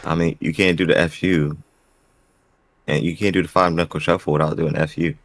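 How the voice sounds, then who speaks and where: Deep-voiced man, dry sound. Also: fairly even intonation, fairly quick, no room sound. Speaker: podcast co-host. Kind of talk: casual chat.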